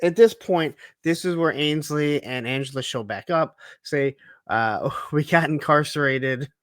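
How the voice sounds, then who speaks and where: A man's voice: fairly high pitch, unhurried, no room sound. A man co-hosting a casual TV recap, talking in a reflective, chatty way with frequent "like"s. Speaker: podcast co-host.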